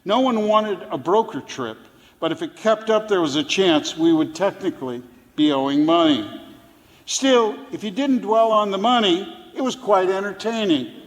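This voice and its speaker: A man with a high voice reads his own story aloud from a theater stage in a dry, matter-of-fact way. The live recording carries a long, ringing reverb from the hall around him. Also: expressive, moderate pace. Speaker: fisher poet. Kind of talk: reading a personal prose story on stage.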